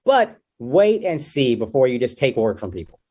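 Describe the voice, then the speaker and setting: A man's voice: medium pitch, big pitch swings, moderate pace, darkish tone. A young man, a comedian guest in a casual interview, talking loosely and jokingly, with lots of "dude" and "like".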